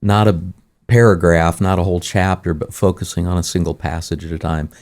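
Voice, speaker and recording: A man's voice: low voice, steady tone, fairly quick, a little mellow. A man who leads worship at a church, explaining his ideas in a thoughtful way during a casual faith chat.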